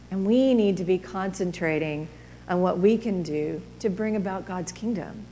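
A woman pastor giving a children's sermon, reading a storybook in an animated, expressive way. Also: medium pitch, long reverb tail.

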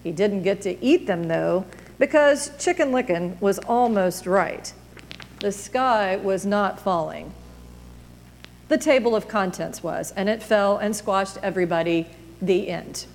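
A woman pastor giving a children's sermon, reading a storybook in an animated, expressive way. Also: medium pitch, normal speed, long reverb tail, a little hiss or hum.

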